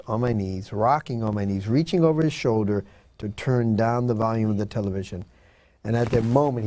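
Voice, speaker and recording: A man's voice: medium pitch, warm tone, no echo. A man telling a personal story in an interview, earnest and dramatic, acting out what people said. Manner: earnest, dramatic retelling with acted-out quotes. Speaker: guest.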